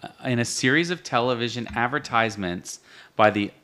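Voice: medium pitch, a little fast, pushed and bright. A podcast co-host chatting casually, hesitant with many restarts, sharing facts looked up online. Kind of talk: casual chat.

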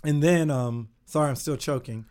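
Joking man in casual chat, slightly high voice. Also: moderate pace, darkish tone. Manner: playful, jokey, laughs often. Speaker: guest comedic actor.

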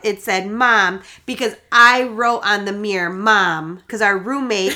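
A woman's voice: mid-range voice, slow, hardly any pauses, pushed and bright. A young woman chatting casually, cutting in with corrections and laughing as she tells her side of the story. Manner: interjects corrections, laughs while telling.

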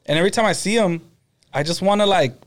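A man's voice: high-pitched, quick pace. A man in a casual chat, laid-back, laughing as he tells stories.

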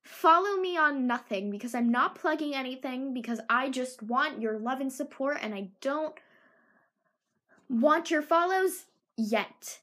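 A woman's voice: sits high, animated, unhurried, pushed and bright. A teenage girl hosting her own podcast, rambling in a jokey, self-deprecating way. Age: teens. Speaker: podcast host. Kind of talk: casual solo podcast chat.

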